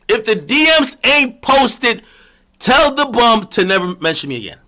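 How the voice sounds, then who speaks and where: A man with a high, animated voice rants on his own, mocking and boastful. His tone is bright and sharp, and he swings between loud taunts and low muttered asides. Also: unhurried. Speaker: streamer. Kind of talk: ranting monologue.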